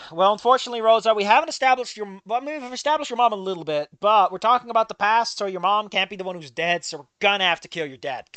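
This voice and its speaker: A man's voice: high-pitched, fast, bright, forceful tone, clean tone, no echo. A man giving casual, sarcastic read-along commentary on a fan fiction, exasperated and swearing often.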